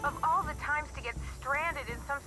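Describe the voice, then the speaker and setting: A woman's voice: sits high, normal speed, over loud music, close to an everyday voice, poor audio. An actress voicing a bored, sarcastic young woman friend calling in a video game, wry in her remarks. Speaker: video game character on a phone call.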